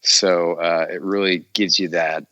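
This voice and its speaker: An animated man tells stories as a podcast guest and laughs often. His voice is very low yet bright and forceful. He is recorded close and dry in a studio. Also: measured pace, no echo, highs cut off. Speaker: guest actor. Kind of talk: casual podcast chat.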